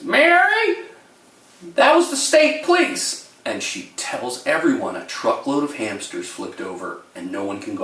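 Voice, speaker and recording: A man with a fairly low voice tells funny childhood stories straight to his camera. His delivery is wry and deadpan. The sound is roomy, with him sitting some way off the mic. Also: distant mic. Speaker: storyteller. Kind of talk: comic storytelling to camera.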